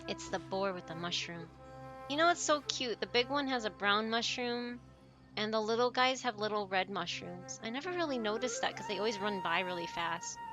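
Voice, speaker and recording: A woman's voice: medium pitch, animated, moderate pace, music in the background. A young adult woman streaming a video game, chatting casually, gushing and laughing a lot. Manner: giggly, gushing, laughs often. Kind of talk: casual let's-play chatter.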